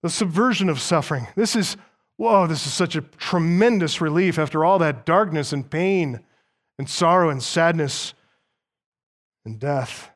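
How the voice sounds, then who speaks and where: Higher-voiced man preaching with emphasis. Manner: emphatic preaching, slows down to stress key words; reads scripture aloud and explains it point by point. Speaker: pastor. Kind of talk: sermon.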